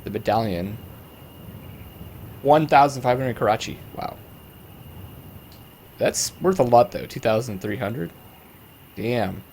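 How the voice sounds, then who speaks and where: A man playing a text adventure game, reading its narration aloud and thinking out loud over his choices. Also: medium pitch, creaky, slight background noise. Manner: reads narration in a plain measured voice, thinks aloud between choices. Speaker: let's play gamer.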